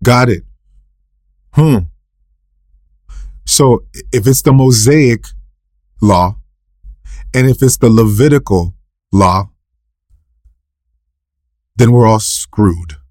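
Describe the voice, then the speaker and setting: Recorded for a podcast in a clean studio with no echo, this man delivers a sermon in a darkish tone, drawing out his words and leaving long pauses. He asks his own questions and answers them, repeats lines of scripture, and rises sharply in pitch and volume to stress a point.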